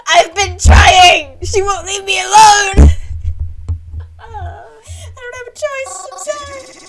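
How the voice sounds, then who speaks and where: A woman voicing a young game heroine in an exaggerated tearful, whiny way, half crying and shouting. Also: very high-pitched, animated, unhurried, distant mic, pitched above the performer's own voice, heavily acted.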